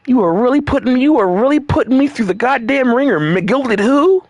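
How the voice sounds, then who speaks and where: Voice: high-pitched, animated, normal speed, no room sound. A gamer commenting anxiously during a playthrough, exclaiming and repeating nervous phrases over and over. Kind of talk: let's-play commentary.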